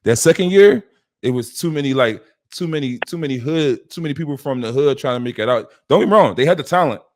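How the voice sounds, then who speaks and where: Man telling a lively story. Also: mid-range voice, quick pace, noisy background. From West Philadelphia. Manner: acts out quoted dialogue with shifting voices. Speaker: podcast host. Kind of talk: animated storytelling.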